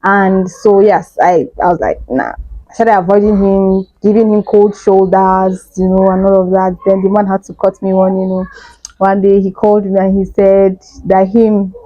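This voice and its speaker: A young Nigerian woman vlogger telling a personal story in an animated way, laughing often. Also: medium pitch, no room sound, dull audio. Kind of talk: storytime vlog.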